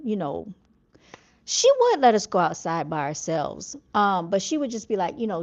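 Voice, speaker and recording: A woman's voice: mid-range voice, sing-song, normal speed, gravelly, a little mellow, lo-fi sound. A woman vlogger casually telling stories from her childhood, chatty and full of fillers. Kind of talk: casual storytelling.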